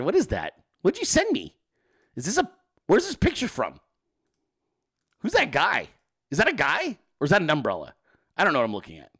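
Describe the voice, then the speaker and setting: With a bright, forceful voice on the high side, a male livestream host tosses off sarcastic, foul-mouthed riffs about pictures his viewers send in, playing to the audience casually.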